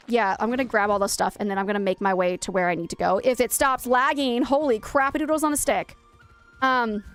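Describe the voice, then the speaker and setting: A young woman streamer chatting casually while gaming, telling a rambling, self-mocking story. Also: fairly high pitch.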